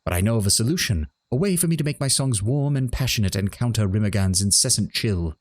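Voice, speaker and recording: A small vain Orlan singer with a sing-song lilt, lecturing in a low, fairly deep voice, as a man reads his lines aloud. He talks down to his listener as if every point were basic. The reading stays close to a plain speaking voice. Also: expressive, fast. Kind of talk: reading game dialogue aloud.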